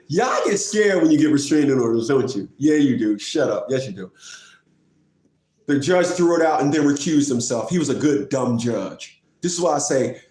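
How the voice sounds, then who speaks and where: A man telling a courtroom story as a family court advocate, acting out the other people in the story with high, exaggerated voices and mocking the listener. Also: darkish tone. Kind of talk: animated storytelling rant. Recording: echoey room.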